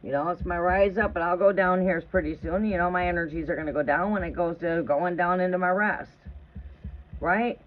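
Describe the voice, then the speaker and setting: Broadcasting tarot readings from her trailer home, this woman talks in a lowish, fairly even voice at a brisk pace. She rambles through profane stories in a conversational way, tossing in "right?" again and again. The sound is tinny, like a phone, with a little noise.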